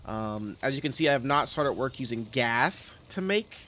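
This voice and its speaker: A man's voice: medium pitch, lively intonation, normal speed, sharp tone, a little hiss or hum. A man giving casual, rambling commentary over his factory-building game, correcting himself often as he talks. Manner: rambling, self-correcting, chatty. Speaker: game streamer.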